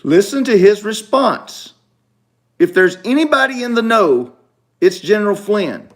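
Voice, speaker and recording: Guy hosting a show from his house, a bit high voice, keeps repeating himself. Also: sing-song, a little slow. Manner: emphatic, repeats instructions to viewers. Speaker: talk show host. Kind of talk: casual livestream talk. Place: at home.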